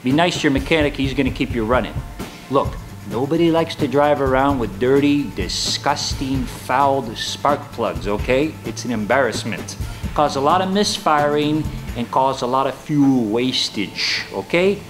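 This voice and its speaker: A man's voice: medium pitch, animated, normal speed, music in the background, natural voice. A man playing a folksy, hammy car dealer, delivering a comedic sketch monologue in salesman patter. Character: hammy, folksy male used-car dealer giving tips.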